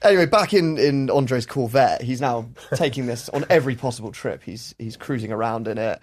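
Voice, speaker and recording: A man hosting a podcast, telling a story in a lively, animated way and breaking into shouted character voices. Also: mid-range voice, a little fast. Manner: animated, acts out characters with loud shouted impressions. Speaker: podcast host. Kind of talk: storytelling chat.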